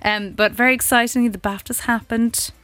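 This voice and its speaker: A woman's voice: fairly high pitch, fairly even intonation, normal speed, a bit bright, no echo. An Irish woman radio host chatting casually on air and reading the traffic, laughing often.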